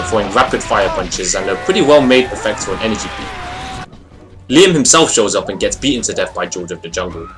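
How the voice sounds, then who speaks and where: A young man giving a casual, rambling video review of a friend's short film, expressive and full of fillers. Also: fairly low pitch, fast, soft background music.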